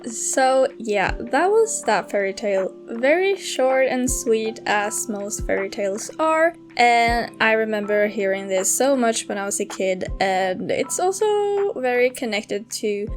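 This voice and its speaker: A woman's voice: on the high side, big pitch swings, measured pace, soft background music. A young woman, chatting casually about a game build and reading a fairytale, laughing easily. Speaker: game building video creator. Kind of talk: casual narration and storybook reading.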